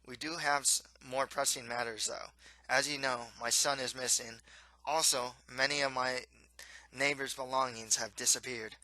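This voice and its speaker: A man's voice: mid-range voice, steady tone, moderate pace, bright, forceful tone, no echo, poor audio. A man voicing a humble, nervous middle-aged townsman who speaks deferentially to royalty, in a storybook reading.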